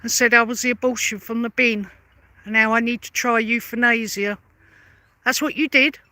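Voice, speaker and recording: A woman's voice: fairly high pitch, steady tone, normal speed, pushed and bright. A woman delivering a confrontational, sarcastic rebuttal rant as a vlogger, firing repeated pointed questions. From London. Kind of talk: angry rebuttal rant to camera.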